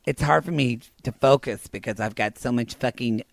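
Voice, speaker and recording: A man's voice: medium pitch, moderate pace, creaky, dry recording. A man co-hosting a podcast, recapping reality TV in bawdy, jokey casual chat. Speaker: podcast co-host.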